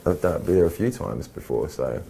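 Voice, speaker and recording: A man with an English accent, an actor answering interview questions in a slow, measured, dry and teasing way. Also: rumbling low, very animated, creaky, dark tone, a little hiss or hum.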